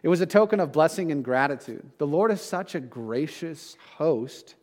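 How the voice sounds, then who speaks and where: A middle-aged male pastor preaches a sermon in a slightly high voice. He talks to the congregation as if chatting, tossing in quick "right?" asides and dropping soft and low on key lines. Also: lively intonation.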